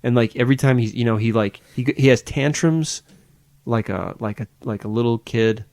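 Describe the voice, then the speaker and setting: A man's voice: medium pitch, moderate pace, darkish tone, no echo, clean studio sound. A man co-hosting a podcast in casual chat, rambling and searching for words with many restarts. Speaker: podcast co-host.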